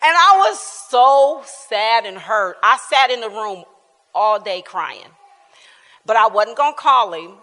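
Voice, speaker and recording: A bright, forceful woman in her fifties tells a personal testimony at a church Bible class, animated and laughing often, sometimes dropping to a hush. Her voice rings out with a long hall reverb behind it. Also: medium pitch. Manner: animated storytelling, laughs often, drops to quiet tones. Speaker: church speaker sharing testimony.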